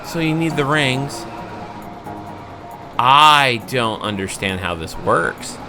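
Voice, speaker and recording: Lively man voicing frustrated game commentary. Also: mid-range voice, takes it slowly, over music. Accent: Southern US. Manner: frustrated, talks to viewers, loud outbursts. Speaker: let's play host. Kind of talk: gameplay commentary.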